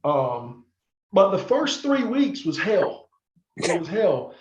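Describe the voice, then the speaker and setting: A middle-aged man tells long stories as a podcast guest, rambling with fillers and restarts. His voice sits fairly high for a man. The sound is roomy and a little muffled. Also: big pitch swings, takes it slowly, background noise. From North Carolina, USA. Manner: rambling, many fillers and restarts, acts out quoted people. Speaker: podcast guest, former wrestler. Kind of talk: casual interview storytelling.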